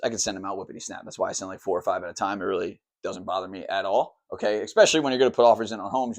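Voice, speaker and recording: A man who works as a mortgage lender, explaining the loan process at a whiteboard in a quick, rambling way, always checking in with "okay" and "all right". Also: mid-range voice. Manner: says he talks fast and tries to slow down.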